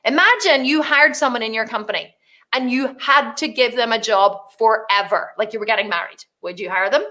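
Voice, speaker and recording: A middle-aged woman with a high, bright voice gives a business training talk. She is blunt and animated, swears freely and acts out little scenes of dialogue. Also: fairly quick. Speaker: online business coach.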